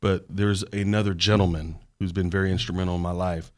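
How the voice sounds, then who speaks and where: Earnest, animated male storyteller. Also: low voice, fairly quick. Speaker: podcast guest, college sports staff. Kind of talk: casual interview conversation.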